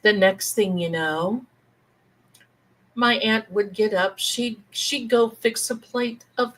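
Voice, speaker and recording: A middle-aged woman hosting a livestream, telling a family story in a chatty, animated way and acting out the relatives she quotes. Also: medium pitch, slow, poor audio. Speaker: livestream host, tarot reader.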